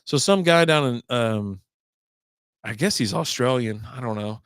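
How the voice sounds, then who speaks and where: Homem falante e desbocado em conversa seca. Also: male voice, medium pitch, lively intonation, unhurried, fairly bright tone, clean tone, no echo, clean studio sound. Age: middle-aged. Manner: rambling, profane, chatty. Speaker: beer podcast host. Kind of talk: casual livestream chat.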